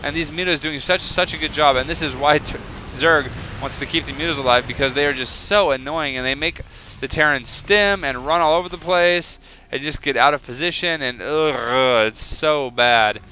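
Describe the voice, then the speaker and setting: A man's voice: on the high side, brisk, hardly any pauses, slight background noise. Chatty young man casting a game. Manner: chatty, excitable, rambling with many fillers. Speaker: game commentator. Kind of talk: casual solo video game commentary.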